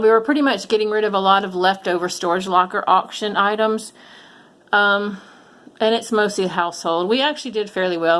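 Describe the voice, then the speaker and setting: A chatty middle-aged woman tells a story straight to her viewers and keeps breaking off into ums and restarts. Her voice sits at an ordinary pitch for a woman, and she gets more animated as the story builds. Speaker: reseller vlogger. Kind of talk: casual storytelling vlog.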